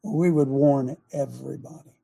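A man's voice: medium pitch, normal speed, creaky, mellow, husky. A man hosting a long-running talk show, preaching emphatically with rhetorical questions.

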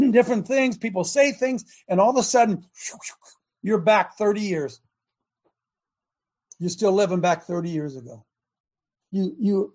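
A man's voice: sits high, darkish tone, breathy edge. A middle-aged man hosting a show and preaching a conversational sermon, fervent and often checking that listeners follow him.

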